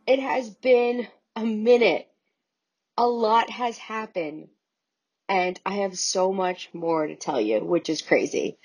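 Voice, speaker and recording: A young woman hosting a casual solo podcast, chatty and excited, a little sick with her voice cracking. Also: medium pitch, slow pace, breathy edge, lo-fi sound. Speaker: podcast host.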